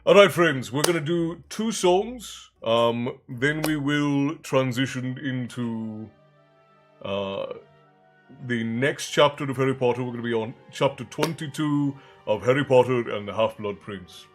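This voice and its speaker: A man hosting a casual live stream with an easygoing, talkative delivery. He sits at a middle pitch and reads out messages and greetings from his viewers. Faint music plays quietly behind him. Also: moderate pace, hardly any pauses. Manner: chatty, reads chat aloud and thanks viewers.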